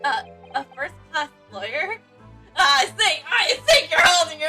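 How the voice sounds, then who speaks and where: A woman's voice: high-pitched, big pitch swings, unhurried, sharp tone, soft background music, poor audio. A woman streamer giving playful, giggly commentary during a live game playthrough.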